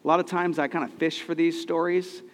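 Male pastor, thirties, slightly high voice, earnest conversational sermon, long hall reverb. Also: level tone, fairly quick. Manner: conversational, earnest, rhetorical questions.

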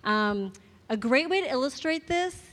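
A woman, giving a church message in a soft-spoken, self-deprecating way with hesitant restarts. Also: sits high, lively intonation, a little slow. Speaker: guest speaker. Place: church sanctuary. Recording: long reverb of a hall.

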